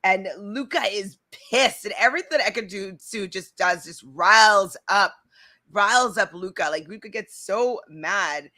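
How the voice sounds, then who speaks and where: Bright, chatty woman recapping a show. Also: mid-range voice, unhurried. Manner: chatty, animated, lots of likes and restarts. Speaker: co-host of a reality show recap. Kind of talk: casual recap chat.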